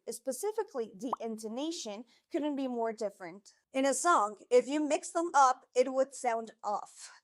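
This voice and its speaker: A woman's voice: on the high side, dry recording, studio quality. A woman hosting a language lesson, explaining in an enthusiastic, conversational scripted style with a few words in Spanish mixed in. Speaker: Spanish teacher and video host.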